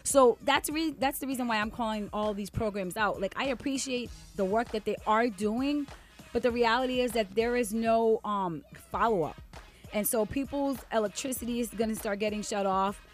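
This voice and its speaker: A woman's voice: on the high side, moderate pace, faint music behind. A woman co-hosting a radio show, earnestly calling out community programs in a conversational monologue.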